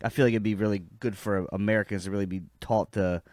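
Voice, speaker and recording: A man co-hosting a casual podcast chat, speaking haltingly with many restarts and some swearing. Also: lowish voice, fairly even intonation, a little mellow, no echo, clean studio sound. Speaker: podcast co-host.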